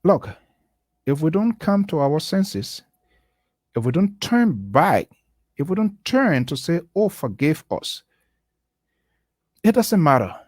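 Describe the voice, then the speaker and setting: A man's voice: on the high side, sing-song, takes it slowly, pauses often, darkish tone, husky, dry recording, studio quality. Emphatic man. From Liberia. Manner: preachy, emphatic, repeats key phrases. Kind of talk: impassioned radio commentary. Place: radio studio.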